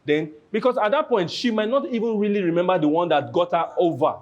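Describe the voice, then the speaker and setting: A man hosting a panel discussion, animated and acting out quoted lines as he talks. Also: high-pitched, brisk, muffled recording.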